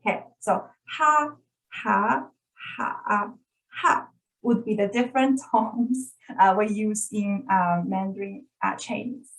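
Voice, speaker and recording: A woman's voice: medium pitch, steady tone, unhurried, a little mellow, low-quality recording. A woman presenting an online workshop over a video call, carefully demonstrating and repeating sounds for learners to copy.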